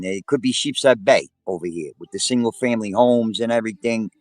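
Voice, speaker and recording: A man's voice: medium pitch, no room sound. A man in his sixties with a New York accent, rambling along as a guest in a casual livestream chat and swearing freely. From Brooklyn, New York. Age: 60s. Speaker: panel guest.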